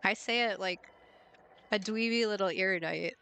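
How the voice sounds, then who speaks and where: A young woman chats through a game stream in a loose, playful way, riffing on silly ideas and giggling. Her voice is bright and forward, at a middle pitch for a woman. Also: normal speed, clear, resonant tone, rough recording. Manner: chatty and playful, giggling at her own jokes. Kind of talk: casual chat while gaming.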